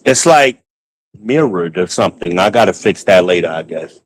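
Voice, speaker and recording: A man hosting a podcast, ranting in a casual, profane, animated way while walking around his home with a handheld phone. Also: deep voice, moderate pace, slight background noise, poor audio. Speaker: podcast host. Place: at home, moving between rooms.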